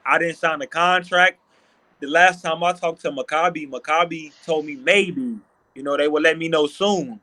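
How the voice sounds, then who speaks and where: A man's voice: a little high, normal speed, sharp tone, poor audio. A man in his thirties, a basketball player, telling stories animatedly in a casual interview, often asking "you know what I mean".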